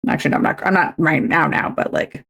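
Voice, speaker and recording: Chatty woman streamer, slightly low voice. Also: expressive, fast talker, creaky, fairly bright tone. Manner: chatty, self-mocking, rambling storytelling. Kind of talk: casual live-stream chat while cross-stitching.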